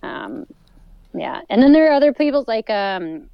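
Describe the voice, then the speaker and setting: A woman's voice: a little high, very animated, normal speed, gravelly, clean tone, dry recording, dull audio. A young adult woman chatting casually as a snowboarding guest. She laughs a lot and drops swear words without a second thought. Her voice is dry and close, with no room around it. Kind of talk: casual podcast chat.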